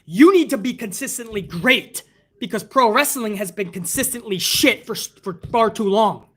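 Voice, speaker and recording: A man's voice: sits high, animated, moderate pace, noisy background. A man hosting a casual wrestling livestream from the United States, ranting in a profane, heated, rambling way and reading out donations. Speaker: wrestling podcast host.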